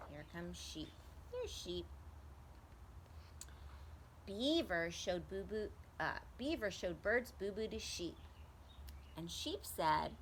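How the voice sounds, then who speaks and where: Very slow, animated woman reading a storybook. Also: mid-range voice, a little hiss or hum. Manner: animated, asks children questions. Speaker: preschool teacher reading aloud. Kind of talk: storybook read-aloud for children.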